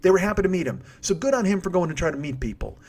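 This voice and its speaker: A man's voice: high voice, big pitch swings, racing, a little mellow. A man hosting a comedy podcast from home, ranting in a rambling, profane, self-mocking way. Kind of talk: comic rant monologue.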